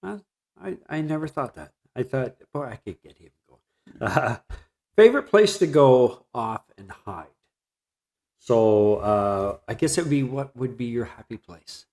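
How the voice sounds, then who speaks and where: A Canadian man hosting a relaxed interview, his voice rising and falling as he chats. He tells little stories and jumps in with quick reactions. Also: medium pitch. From Ontario, Canada. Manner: chatty storyteller with quick reactions. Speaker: podcast host. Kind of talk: casual interview chat.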